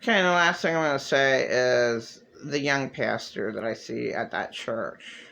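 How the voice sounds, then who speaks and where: A man delivering a rambling, agitated religious monologue to camera, bitter and ranting, with sudden leaps in pitch. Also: a little slow, vocal fry, sharp tone. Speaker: vlogger.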